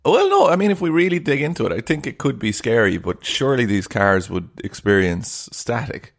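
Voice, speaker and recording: A man's voice: medium pitch, big pitch swings, brisk. A man co-hosting a podcast, chatting casually, teasing and skeptical. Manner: skeptical, teasing, laughs often. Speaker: podcast co-host. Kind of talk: casual chat.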